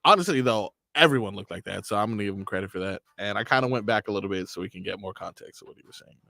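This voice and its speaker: A man's voice: fairly low pitch, rapid-fire, vocal fry, bright, forceful tone, no echo, studio quality. A man on a sports radio show, setting up clips with laid-back, jokey asides.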